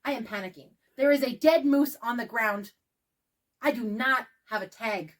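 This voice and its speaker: Young woman, podcast co-host, slightly high voice; animated, laughing storyteller who swears freely. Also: moderate pace. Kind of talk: casual storytelling chat.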